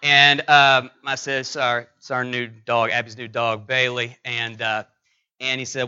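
Middle-aged male pastor, bright forceful tone, halting anecdotal delivery, slightly dull lo-fi sound. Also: medium pitch, level tone, clean tone. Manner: halting, anecdotal, many fillers and restarts. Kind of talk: sermon with personal story.

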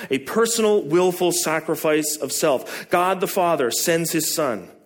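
Conversational male pastor preaching a sermon. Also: a little high. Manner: conversational preaching, asks the congregation questions.

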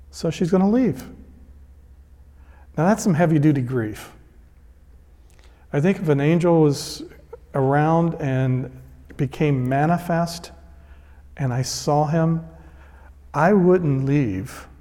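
Male pastor, slightly high voice, earnest storytelling sermon, long hall reverb. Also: mellow.

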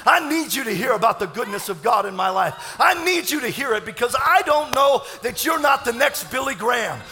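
A man pastor preaching an impassioned sermon to a congregation, often shouting. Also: extremely high pitch, animated, fairly quick, big-room sound, soft background music. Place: church sanctuary.

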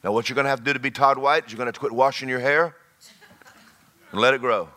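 A man preaching a sermon, folksy and joking, swinging between loud exhortation and quiet storytelling. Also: mid-range voice, steady tone, fast talker.

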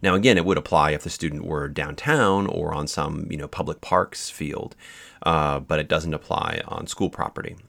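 A man gives a recorded law lecture. His voice sits very low and gravelly, and he explains patiently, pausing on fillers and restarting phrases. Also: fairly bright tone. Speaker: law instructor.

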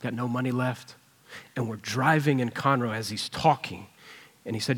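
A man's voice: mid-range voice, normal speed, fairly bright tone, slightly rough. A man preaching a sermon in a church, conversational and earnest as he retells a personal story. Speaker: pastor. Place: church sanctuary.

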